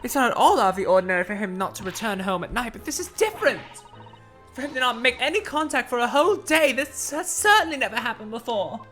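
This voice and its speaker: Soft music plays behind a woman whose fairly high, bright voice swings widely in pitch at a quick pace. She reads game dialogue as a prim, anxious, genteel Victorian wife in middle age, fretful and too formal, putting on an accent halfway between Southern belle and British.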